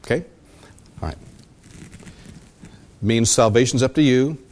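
With a mid-range, darkish voice and an unhurried pace, a man preaches as pastor, working through the text verse by verse. He keeps restating and rewording his questions to the congregation and asks for their assent; a faint hiss or hum sits in the recording.

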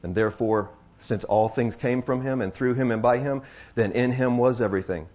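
A man preaching a sermon to his congregation, dropping to hushed, slow passages and building to loud, excited exclamations, repeating phrases for emphasis. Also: mid-range voice.

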